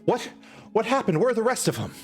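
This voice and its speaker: A man's voice: medium pitch, big pitch swings, takes it slowly, soft background music, pitched above the performer's own voice. A man voicing an anxious, caring elven woman healer, speaking in urgent, worried questions.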